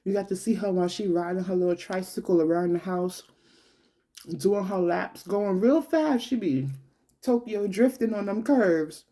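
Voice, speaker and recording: A young adult woman talks slowly and from the heart in a personal monologue. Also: mid-range voice, dark tone. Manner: slow, heartfelt, colloquial and conversational. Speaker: vlogger.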